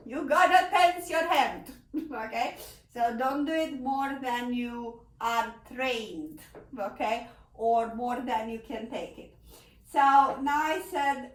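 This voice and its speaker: A woman teaching a piano lesson in non-native phrasing, laughing often and pleading with students to stay relaxed, with a piano in the room. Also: a little high. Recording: echoey room, mic at a distance. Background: piano playing.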